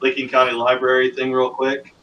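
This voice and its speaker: A man's voice: medium pitch, completely flat delivery, a little fast. A man casually sharing upbeat local news on a live stream. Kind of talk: casual chat. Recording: dull distant mic with faint noise.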